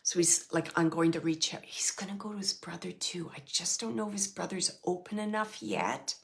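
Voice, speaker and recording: A woman medium relaying messages to an audience member, speaking softly, often dropping to a hush, with frequent restarts. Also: fairly low pitch, lively intonation, normal speed, gravelly. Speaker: medium giving readings. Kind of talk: live mediumship reading to an audience.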